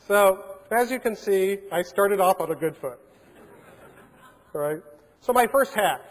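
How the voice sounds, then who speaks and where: A man giving a storytelling keynote talk to a conference, animated, with frequent restarts. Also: high voice, measured pace, a little hiss or hum. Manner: animated, acts out phone calls in changed voices, frequent restarts. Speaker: keynote speaker. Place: large conference hall. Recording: long hall reverb.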